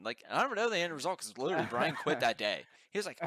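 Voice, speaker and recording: A man's voice: on the high side, big pitch swings, fast, pushed and bright. A man co-hosting a podcast, telling a story in casual, swearing chat. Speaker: podcast co-host.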